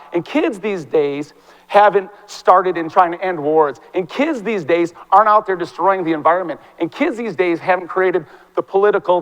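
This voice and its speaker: A man in his forties, a teacher giving an animated, fast, impassioned talk on stage in a large hall. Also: high-pitched. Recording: long reverb from a large hall.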